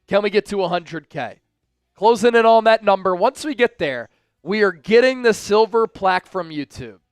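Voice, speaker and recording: A man hosting a fan livestream, giving excitable live commentary on the game, shouting at big plays and talking directly to his viewers. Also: sits high, moderate pace, smooth, no room sound, faint music behind. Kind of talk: live watch-along commentary.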